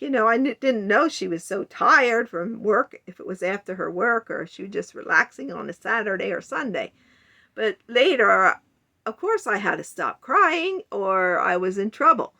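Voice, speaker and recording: A woman's voice: medium pitch, gravelly, a bit bright. A woman in her sixties talking earnestly in a rambling, heartfelt personal vlog monologue. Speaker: vlogger.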